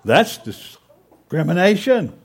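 A man's voice: high voice, sing-song, slow, vocal fry, slightly rough, pitched above the performer's own voice, heavily acted. A man doing a whiny goose. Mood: indignant.

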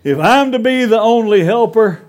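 A man's voice: high-pitched, expressive, moderate pace, darkish tone, pitched above the performer's own voice. A man doing a whiny goose. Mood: indignant.

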